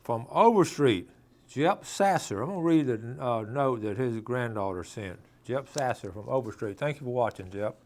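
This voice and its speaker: A man's voice: medium pitch, lively intonation, normal speed. A man hosting an outdoors show, folksy and chatty as he reads out viewer names. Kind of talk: casual broadcast hosting.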